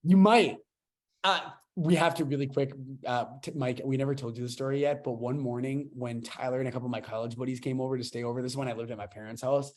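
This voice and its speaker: A young man in his twenties hosts a casual podcast chat, full of enthusiasm. His voice sits at an ordinary middle pitch. He rambles, tripping over restarts as he gets excited. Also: fast talker. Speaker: podcast host.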